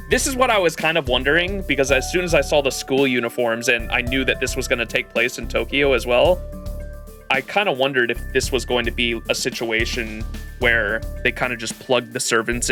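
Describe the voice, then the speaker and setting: With a mid-range voice and sharp tone, this man provides live gameplay commentary while streaming. He reacts in a casual way and thinks out loud, swearing loosely and restarting sentences clumsily.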